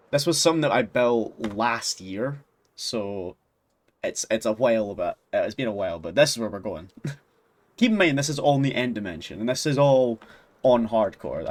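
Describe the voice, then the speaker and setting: A Scottish man chatting casually with his viewers on a game stream, easygoing and self-deprecating, laughing often. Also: on the low side. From Scotland. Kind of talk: casual game livestream chat.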